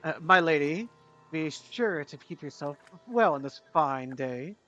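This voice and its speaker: A man voicing a smarmy, sharply dressed rich gentleman who speaks with florid, overly courteous politeness. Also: fairly high pitch, lively intonation, a little slow, dull audio. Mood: courtly.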